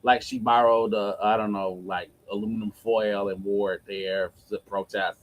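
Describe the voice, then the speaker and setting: A man's voice: lowish voice, little pitch movement, moderate pace, a little hiss or hum, rough recording. Playful, opinionated male co-host. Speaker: co-host, executive producer. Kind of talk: casual live-stream chat.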